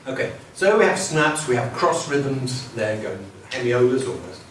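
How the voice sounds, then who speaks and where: A man giving an academic lecture with musical examples, talking in a lively, digressive way, humming and counting beats. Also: mid-range voice, moderate pace, slight background noise. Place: university lecture room. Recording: very echoey hall from far off, with music.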